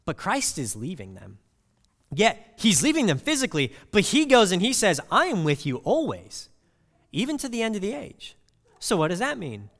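A man preaches a sermon in a church sanctuary, his fairly high voice rising and falling with lively swings. He talks in a conversational way and weaves personal stories into the scripture. A long hall reverb trails after his words. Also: normal speed.

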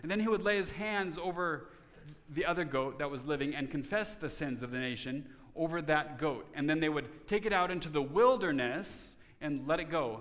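A man preaching a sermon as pastor, earnest, dropping to soft tones for emphasis. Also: fairly high pitch, long reverb tail.

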